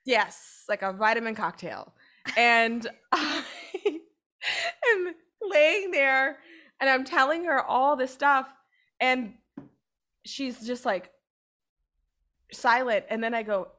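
A woman co-host talks through a long personal story in a loose, rambling way, swearing as she goes. Her voice sits a little on the high side. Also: takes it slowly, long pauses, a bit bright. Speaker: podcast co-host. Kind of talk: casual storytelling chat.

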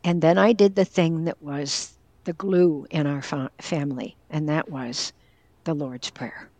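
An older woman from northwestern Pennsylvania tells a personal story in an interview. Her voice sits fairly low and is heard close and dry, with no room sound. She talks earnestly and candidly. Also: fairly even intonation, a little slow, a little mellow, no room sound. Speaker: guest, caregiver and former teacher.

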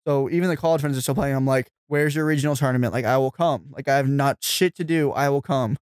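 A man's voice: medium pitch, fast, a little mellow, clear, resonant tone, dry recording. A young man in casual chat, ranting and swearing as he gets heated about flaky friends. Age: young adult.

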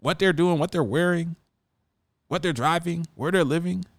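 A man's voice: on the high side, moderate pace, no room sound. A man who hosts a radio show, talking in a brash, emphatic casual monologue.

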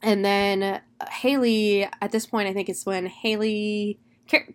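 Young woman rambling thru a movie plot, chatty n sweary, mid pitch. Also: a little slow. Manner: chatty, animated, swears freely. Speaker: movie reviewer. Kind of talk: casual film recap.

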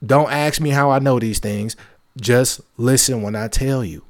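A man's voice: medium pitch, a little slow. Emphatic man ranting to his audience. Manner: emphatic and repetitive, joking asides. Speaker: podcast host. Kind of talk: casual monologue.

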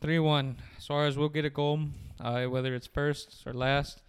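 A man's voice: fairly high pitch, flat delivery, measured pace, smooth. A man co-hosting a casual sports podcast, rambling and jokey as he gives his football picks. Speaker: podcast co-host.

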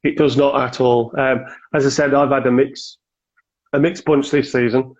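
A chatty man talking casually on a podcast, animated and full of little acted-out asides. His voice sits at an ordinary middle pitch. The sound is dull and lo-fi. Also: normal speed. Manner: chatty, animated, acts out quoted exchanges. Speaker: reptile breeder guest.

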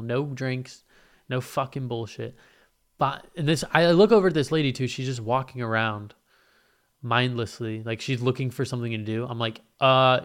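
A man's voice: mid-range voice, smooth. A young man telling a casual storytime rant, profane and sarcastic, acting out the people in it.

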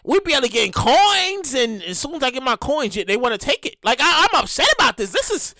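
A woman's voice: sits high, big pitch swings, a little fast, bright, forceful tone, no echo, clean studio sound. A woman hosting a show, ranting casually and emphatically, with profanity and stammered restarts. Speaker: show host. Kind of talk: casual comic rant.

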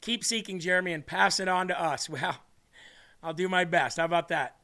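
A man's voice: high-pitched, fairly quick, sharp tone. A man hosting a faith podcast, reading viewer comments aloud in an earnest, emotional way and tearing up. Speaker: podcast host.

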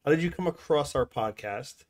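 A man's voice: on the high side, lively intonation, moderate pace. A man hosting a casual podcast chat, rambling and laughing often into a desk microphone. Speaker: podcast host. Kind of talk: casual live-stream chat.

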